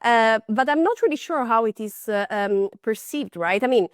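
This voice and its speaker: A woman's voice: a little high, lively intonation, moderate pace, dry recording, clean studio sound. A woman hosting a podcast interview, asking questions in a chatty way full of fillers. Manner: chatty, many fillers like "you know". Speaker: podcast host. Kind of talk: conversational interview.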